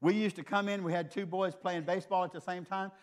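A man's voice: high voice, fairly even intonation, quick pace. An older man preaching a sermon, telling a personal story in an earnest, conversational way.

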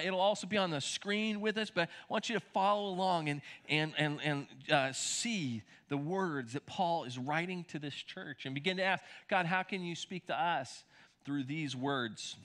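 Bright-voiced middle-aged male pastor preaching. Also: high-pitched. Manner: conversational with frequent restarts and asides to the congregation. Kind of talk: sermon.

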